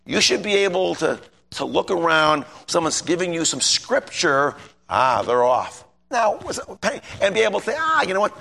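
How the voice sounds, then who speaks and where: A man's voice: a little high, very animated, moderate pace, vocal fry, pushed and bright. A man preaching an informal sermon, telling stories in a rambling, folksy way and often asking listeners for agreement. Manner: rambling, folksy, repeats himself and asks the audience for agreement.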